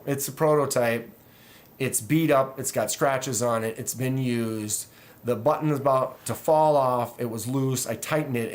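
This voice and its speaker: Brief: male knife-channel host, mid-pitched, casual rambling rant with sighs, frustrated. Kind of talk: casual livestream chat.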